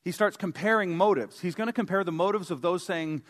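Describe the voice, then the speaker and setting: A man's voice: high-pitched, a little fast. A man preaching a sermon as pastor, in a conversational, joking way with emphatic stresses.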